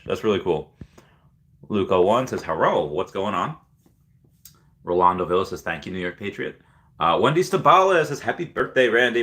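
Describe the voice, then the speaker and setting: A man's voice: low voice, lively intonation, a little fast, a bit bright. A young man hosting a casual livestream, rambling and reading viewer comments aloud with many fillers. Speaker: livestream host.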